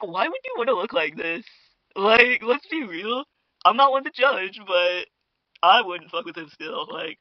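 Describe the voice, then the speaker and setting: Hosting a spoof internet drama commentary from his home dinner table, a young man with a high-sitting voice gossips in mock outrage, full of filler words and side remarks to viewers. The podcast mic recording sounds dry and muffled.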